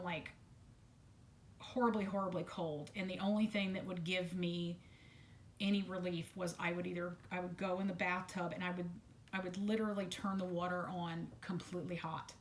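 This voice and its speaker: A woman with a somewhat low voice tells a personal story straight to her camera, stopping and restarting often and repeating words. Her speech is blunt, with swearing. A faint low rumble sits under the recording. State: still detoxing from medication at filming. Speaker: vlogger sharing a personal story. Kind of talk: unscripted personal account to camera.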